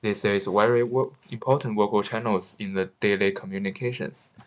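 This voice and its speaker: Halting lowish-voiced man reading a study. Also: fairly even intonation. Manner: careful, slightly halting, with restarts. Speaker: student presenter. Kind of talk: read-aloud class presentation.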